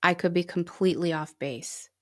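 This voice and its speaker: A woman co-hosting a casual spiritual podcast, talking in a reflective, gently reassuring way and laughing easily. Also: on the low side, fairly even intonation, moderate pace. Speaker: podcast co-host.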